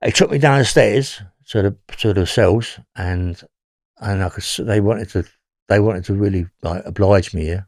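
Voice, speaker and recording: A man's voice: on the low side, moderate pace, a little mellow, no room sound, studio quality. A man with a London accent telling his story as an interview guest, rambling and often checking in with "yeah?".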